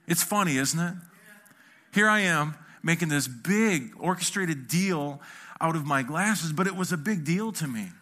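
Middle-aged male pastor, bright tense voice, slightly high, lively storytelling sermon, acts out quotes. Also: a little slow. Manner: animated, acts out quotes with a shifting voice.

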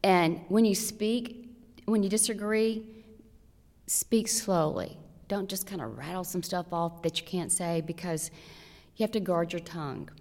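A woman's voice: fairly low pitch, measured pace, darkish tone. Woman, church talk, earnest, direct, emphatic, long hall reverb. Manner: earnest, direct, emphatic advice with rhetorical questions. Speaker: church women's speaker. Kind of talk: practical marriage talk to a church audience.

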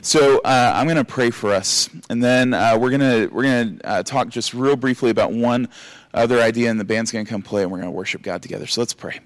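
A man preaching to a congregation, animated and acting out voices from a Bible story. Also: mid-range voice, fairly quick, dry recording. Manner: animated, acts out scolding and encouraging voices. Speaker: pastor. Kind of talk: sermon.

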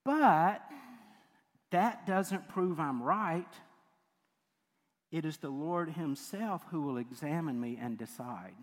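A man's voice: fairly high pitch, animated, slow pace, pauses often. A man preaching a sermon as pastor, chatty, laughing often and breaking off mid-sentence. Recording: long reverb of a large hall.

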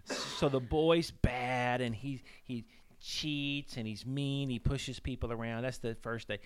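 Halting storytelling man. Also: medium pitch, clear, resonant tone. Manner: animated storyteller with halting restarts. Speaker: podcast host. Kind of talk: casual chat, storytelling.

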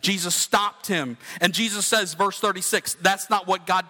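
A man's voice: high voice, fairly even intonation, normal speed, sharp tone, in a large hall. A man preaching a sermon as pastor, earnest and conversational, often asking his listeners direct questions.

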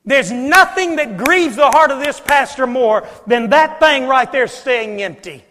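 A man preaching a sermon as pastor, swinging from loud, driving passages to hushed, almost whispered ones, recorded in a church sanctuary. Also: very high voice, expressive, a little slow, in a large hall.

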